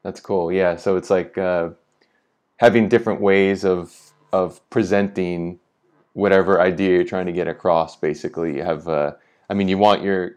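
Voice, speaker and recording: A man's voice: sits low, a little mellow. A man interviewing a guest in casual chat, often nodding along and summing up her points.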